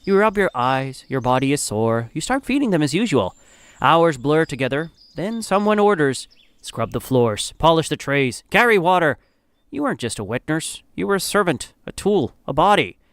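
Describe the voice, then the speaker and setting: A man narrates a grim story in the second person, grave and somber. His voice is smooth and clear, pitched a little high, and the recording is dry and close. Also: big pitch swings, moderate pace, no room sound.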